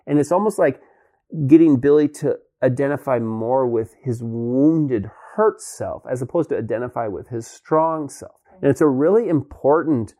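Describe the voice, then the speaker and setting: A man of middle pitch talks earnestly as a host, working through his point with an everyday example. His speech is loose and casual, full of small fillers. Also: normal speed, mellow. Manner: earnest, explains with stories, many fillers like "kinda" and "like". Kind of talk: conversational talk.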